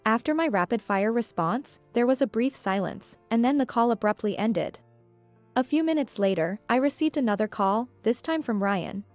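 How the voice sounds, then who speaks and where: A woman narrating a scripted first-person story in a calm, measured way. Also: on the high side, no echo. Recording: dry with faint music.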